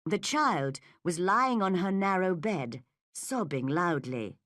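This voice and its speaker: A woman narrating a graded story for English learners, slow, clear and expressive. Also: fairly low pitch, no echo, clean studio sound. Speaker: audiobook narrator.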